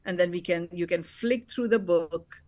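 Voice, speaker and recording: A woman author from India, a guest in an interview, speaking gently and thoughtfully. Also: fairly low pitch, normal speed. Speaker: author and meditation teacher. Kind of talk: casual interview chat.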